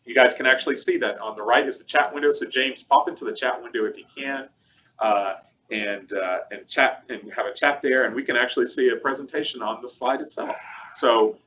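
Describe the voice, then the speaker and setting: Bright-toned man chatting through a demo. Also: medium pitch, dull audio. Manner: rambling, chatty, many fillers. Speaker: co-host presenting a product demo. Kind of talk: casual webcast chat.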